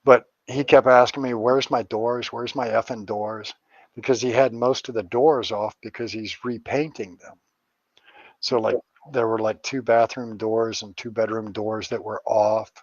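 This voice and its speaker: A middle-aged psychic medium and paranormal investigator rambles through stories in a casual interview, cracking crude jokes and swearing. His lowish voice is level and moderately paced, recorded with no room sound and the highs cut off.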